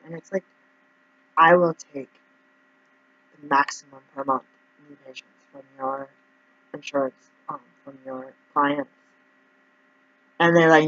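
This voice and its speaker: A man's voice: on the high side, steady tone, moderate pace, long pauses, a bit bright. A man who works as a naturopath talks through his troubles in a rambling, emotional vlog monologue. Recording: dull, dry lo-fi recording.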